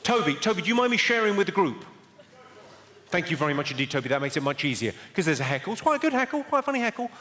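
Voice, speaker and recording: A man doing stand-up comedy, deadpan and brisk, teasing people in the audience from a theatre stage. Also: sits high. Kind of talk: stand-up comedy with crowd work. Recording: echoey theatre hall, loud audience.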